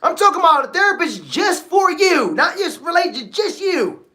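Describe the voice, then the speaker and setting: Pushed and bright, this host's very high voice swings widely in pitch at a moderate pace during a motivational livestream talk. Speaking conversationally, the host keeps repeating key phrases and frequently checks in with the audience.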